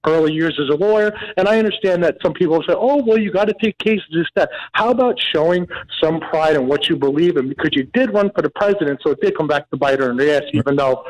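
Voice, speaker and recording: A man's voice: on the high side, lively intonation, quick pace, few pauses, highs cut off. A man calling in to a radio show, earnest and hesitant, filling gaps with "um" and "like". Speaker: caller. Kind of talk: phone call-in chat.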